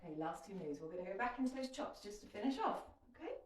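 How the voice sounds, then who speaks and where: A woman's voice: mid-range voice, sing-song, fast talker, noisy background. Woman coaching a kettlebell workout. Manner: encouraging, chatty coaching with cues. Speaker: fitness instructor. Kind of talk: guided workout instruction. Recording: echoey room, mic at a distance.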